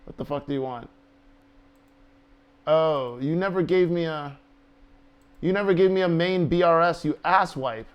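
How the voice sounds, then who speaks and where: A man's voice: a little high, moderate pace, pauses often, clean tone, muffled recording. A man talking to himself while coding on a stream, laughing, swearing and cooing to his dog. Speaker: programmer streaming a coding speedrun. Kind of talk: casual self-talk while coding.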